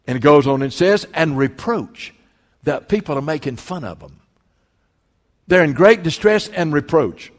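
A man preaching a sermon as pastor, reading scripture aloud with fervent emphasis that swells to near-shouting. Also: fairly high pitch, lively intonation, measured pace. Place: church sanctuary. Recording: long hall reverb.

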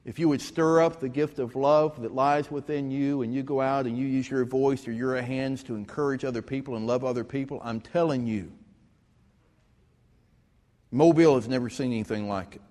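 A man's voice: medium pitch, a little mellow, in a large hall. A man, preaching a sermon as pastor, telling stories with rising emphasis. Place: church sanctuary.

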